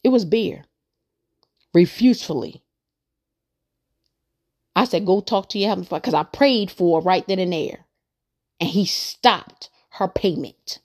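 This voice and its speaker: Speaking at a measured pace with long pauses, this podcast host has a lowish, darkish voice and lively intonation. She earnestly rambles about her faith in a casual monologue, circling back to stress her points.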